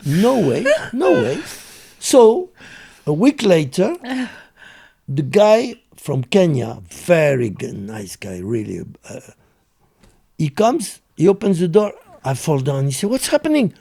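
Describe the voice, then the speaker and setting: A man's voice: on the high side, sing-song, slow pace, gravelly, warm tone, slightly rough. An older man, telling a story as an interview guest, acting out other people's voices and laughing often. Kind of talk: animated storytelling.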